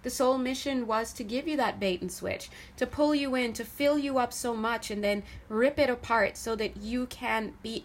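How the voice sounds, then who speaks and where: Woman tarot reader, chatty and animated, fairly high voice, faint room ambience behind her. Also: slight background noise. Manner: chatty, animated, laughs often, swears then apologizes. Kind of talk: casual spiritual tarot reading to camera.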